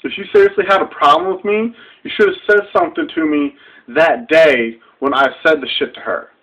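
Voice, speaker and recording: A young male vlogger rants directly to camera, heated, profane and confrontational, his slightly high, somewhat bright voice coming a little fast. It's a dull lo-fi webcam recording.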